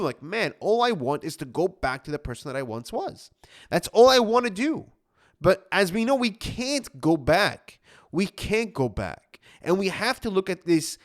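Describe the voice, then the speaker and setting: An anxiety coach in his thirties talks earnestly in a motivational monologue packed with fillers and restarts. His voice is high-pitched.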